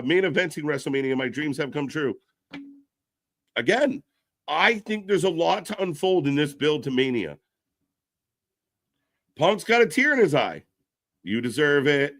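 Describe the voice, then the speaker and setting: A man talking fast and loose over a live broadcast, his voice sitting a little high for a man. He jumps higher and louder whenever something catches him off guard. Between those bursts he drifts into relaxed asides to his viewers. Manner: excitable, pitch jumps when reacting, chatty asides to viewers. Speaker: live-stream commentator. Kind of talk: casual live commentary.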